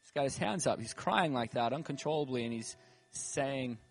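A man preaching a sermon and telling a personal story, moving between loud emphatic calls and quiet, tender narration. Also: medium pitch, expressive, normal speed, gravelly. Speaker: pastor. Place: church gathering.

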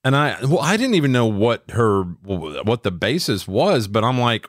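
A man's voice: mid-range voice, big pitch swings, a little slow, few pauses, dry recording, clean studio sound. A middle-aged man, co-host of a podcast, telling stories in a blunt, profane, casual way. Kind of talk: casual chat.

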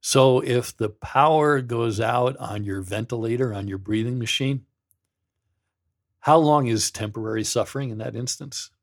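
With a medium-pitched voice at a moderate pace, this middle-aged man, once a pastor, runs a podcast full of sardonic commentary. He mocks his subjects and reads quotations in a theatrical way.

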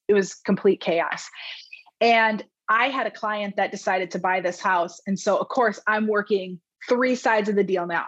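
A woman's voice: medium pitch, dull audio. A woman in her thirties, a real estate agent, telling her story candidly in a chatty way full of fillers. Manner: candid, animated, many fillers like "like" and "um". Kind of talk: conversational storytelling.

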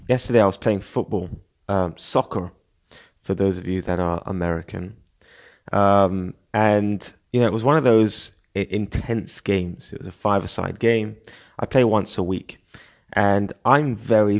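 A man hosting a solo podcast, talking in a casual, animated, rambling way with many fillers and restarts. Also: fairly low pitch, creaky. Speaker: podcast host.

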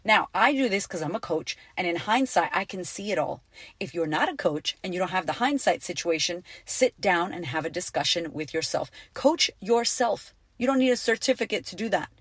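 A woman's voice: fairly low pitch, expressive, moderate pace, breathy edge, dry recording. Blunt, cussing woman podcast coach. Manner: blunt, profane and emphatic, repeating phrases for punch. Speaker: podcast host and life coach. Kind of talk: casual motivational podcast talk.

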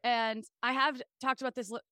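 A woman guest on a podcast, telling candid stories in a raspy voice, open and animated in a casual chat. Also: on the high side, a little fast, no room sound.

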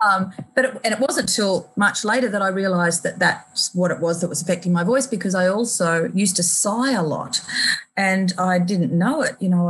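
An Australian woman radio host speaks reflectively in a conversational interview, using many fillers and restarts. Her voice is fairly low in pitch, and the recording is low quality.

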